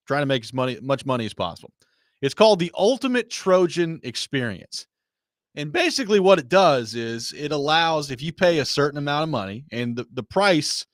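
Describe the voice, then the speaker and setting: Animated male sports radio host. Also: medium pitch, no room sound, clean studio sound. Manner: animated storytelling, laughing asides. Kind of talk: casual sports talk.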